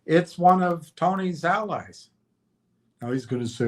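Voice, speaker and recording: A man hosting a livestream in a casual chat, reading out viewer comments with many fillers and trailing pauses. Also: on the high side, animated. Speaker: livestream host.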